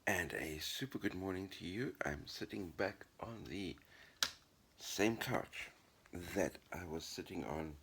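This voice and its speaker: Middle-aged guy, real low voice, rambly upbeat vlog chat, faint room hum. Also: expressive, unhurried, vocal fry, fairly bright tone. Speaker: vlogger and writer. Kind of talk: casual vlog to camera. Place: apartment living room.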